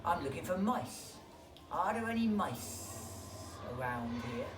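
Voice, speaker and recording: A reader voicing a sly, hungry snake with slow, hissing, drawn-out words. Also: mid-range voice, big pitch swings, over music. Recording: echoey room, distant mic, background noise.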